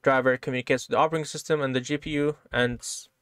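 A man's voice: mid-range voice, fairly even intonation, racing, a bit bright, clear, resonant tone, dry recording. Casual man explaining with a dry sound. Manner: casual, explains step by step, keeps asking "right?". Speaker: programming teacher. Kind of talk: screen-share coding lesson.

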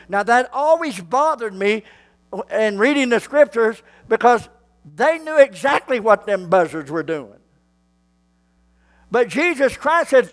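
A male pastor, preaching a sermon slowly and building to fervent shouts. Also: high-pitched, lively intonation.

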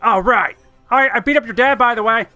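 A gamer giving excitable, sweary commentary over their own gameplay. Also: mid-range voice, a little fast, soft background music. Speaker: let's play gamer.

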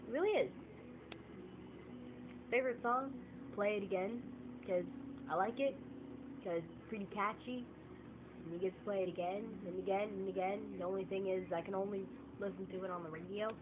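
A woman's voice: medium pitch, moderate pace, pauses often. A woman vlogging a casual, exasperated opinion rant to her phone camera, repeating herself for emphasis. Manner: animated, exasperated, emphatic repetition. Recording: tinny lo-fi phone audio with faint noise.

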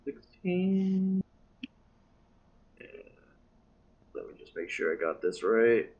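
Slow-talking man running a tabletop game. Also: medium pitch, big pitch swings, highs cut off. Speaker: game master.

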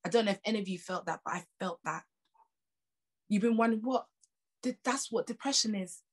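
A woman's voice: medium pitch, fairly quick, husky. Emphatic woman preaching with British accent. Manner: emphatic, repeats lines with rising intensity; conversational asides and laughs. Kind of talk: sermon.

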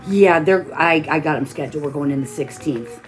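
A tired woman with a low voice hosts a live stream at a brisk pace, faint music playing behind her. She chats casually while crafting and greets viewers by name using pet names.

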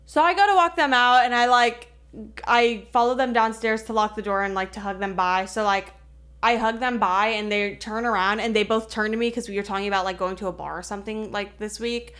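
A woman's voice: medium pitch, steady tone, brisk, a bit bright. A young woman co-hosting a podcast, telling a story in casual chat, full of "like" fillers and frequent swearing. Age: young adult. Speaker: podcast co-host.

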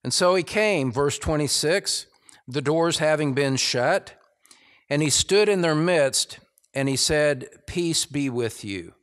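An American man preaching a sermon at a measured, unhurried pace. His voice sits a bit high, and he leans into key phrases with emphatic force, building intensity as he goes. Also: a bit bright. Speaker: pastor.

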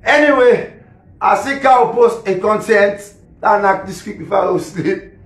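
A man's voice: high-pitched, moderate pace. A man with a Sierra Leonean Krio accent, ranting casually on a live stream, rambling and repeating himself, laughing between lines. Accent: Sierra Leonean Krio English. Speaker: musician and social media personality. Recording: echoey room.

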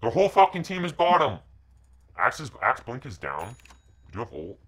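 Young male streamer; profane, commanding, loud bursts and muttered asides. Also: medium pitch, wildly swooping pitch, moderate pace, slightly rough. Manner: profane, shouting orders at teammates. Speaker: game streamer. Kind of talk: live gameplay commentary.

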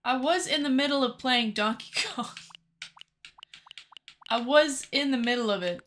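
A woman's voice: sits high, a little slow, fairly bright tone. A woman streamer chatting casually to her viewers while gaming, swearing freely.

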